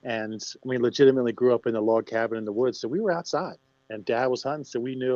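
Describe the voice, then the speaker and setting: A man from Pennsylvania, a podcast host telling animated stories in casual chat. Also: mid-range voice, quick pace, no room sound, dull audio.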